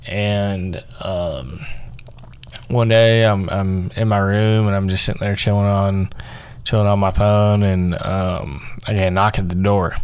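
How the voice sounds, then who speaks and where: A man's voice: sits low, fairly even intonation, measured pace, darkish tone, smooth. A young man hosting a podcast, telling a personal story in a loose, rambling way, full of "like" and "um". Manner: rambling, filler-heavy, frequent "like" and "um". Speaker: podcast host.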